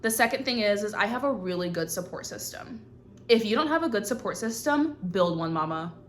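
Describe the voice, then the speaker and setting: A little hiss or hum sits under her mid-range voice as she hosts her own show. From a hot indoor room, she addresses the camera casually, giving outspoken, profane advice the way a friend would to another woman.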